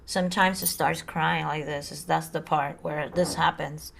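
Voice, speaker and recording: A woman's voice: low voice, steady tone, moderate pace, creaky, a bit bright, slight background noise. A woman co-hosting a casual spiritual podcast, talking earnestly and dramatically and sometimes acting out voices. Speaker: podcast co-host.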